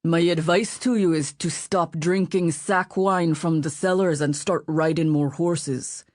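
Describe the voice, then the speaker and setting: A woman's voice: lowish voice, steady tone, a little slow, darkish tone, dry recording, natural voice. Lady putting on a grumpy butler guy, blunt and bossy, dry close sound. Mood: scolding. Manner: blunt, scolding. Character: gruff sardonic male butler, bossy.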